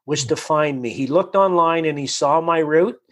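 Canadian guy telling a story, bit higher voice, acts out what people said, lots of repeats. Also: moderate pace. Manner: animated storyteller who acts out quotes and repeats words. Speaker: guest. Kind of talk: storytelling conversation.

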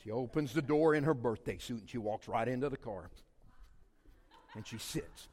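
A middle-aged man, preaching a sermon as a pastor, swinging between loud emphatic passages and quiet ones. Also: mid-range voice, moderate pace, pauses often, long reverb tail. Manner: animated preaching with big swings in loudness.

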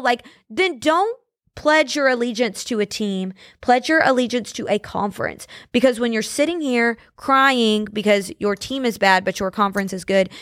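A woman's voice: fairly high pitch, no echo, clean studio sound. A young woman hosting her own podcast, ranting in a sassy, casual way full of fillers. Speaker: podcast host. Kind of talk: solo podcast rant.

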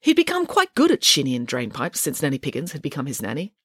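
A woman reading her own children's story aloud, with a playful, wry and expressive delivery. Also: low voice, fast, breathy edge, no room sound, studio quality.

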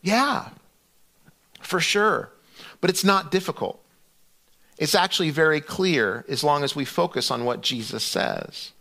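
Middle-aged male pastor, fairly high voice, chatty sermon delivery with lots of restarts. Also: unhurried, vocal fry, pauses often. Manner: conversational, animated storytelling with restarts.

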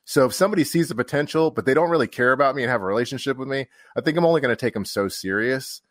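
A man's voice: medium pitch, very fast, dry recording, studio quality. A man, a fire officer and podcast guest, telling a candid story in casual conversation and acting out the quotes, with casual swearing.

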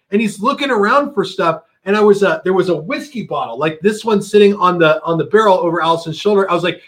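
Animated, higher-voiced male host. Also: fast, hardly any pauses. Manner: animated storyteller, acts out quotes loudly. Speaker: podcast host. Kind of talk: casual chat.

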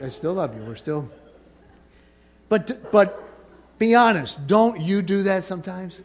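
Animated, joking male pastor preaching. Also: high voice. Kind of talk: sermon.

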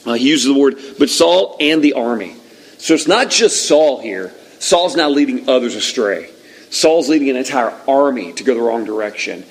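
A man's voice: mid-range voice, moderate pace, low-quality recording. Storytelling male preacher, conversational sermon. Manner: conversational, animated storytelling that acts out the scene. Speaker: pastor.

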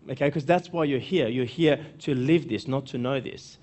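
A man's voice: medium pitch, moderate pace, few pauses, a little mellow. A male coach giving a live seminar talk to an audience, conversational, often checking in with the room and repeating phrases. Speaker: workshop speaker and coach.

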